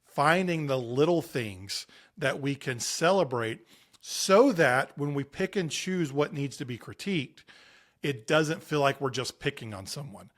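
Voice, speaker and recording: A man's voice: medium pitch, lively intonation, measured pace, a bit bright. A man in his late thirties, a podcast guest on sports parenting, telling stories and giving advice in an earnest, emphatic way with frequent restarts. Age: 30s. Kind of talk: conversational interview.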